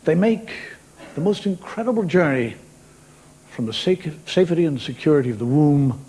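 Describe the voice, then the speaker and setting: A man's voice: on the high side, animated, moderate pace, mellow, poor audio. A man performing a wry, chatty stand-up monologue, talking straight to a live studio audience. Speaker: stand-up comedian.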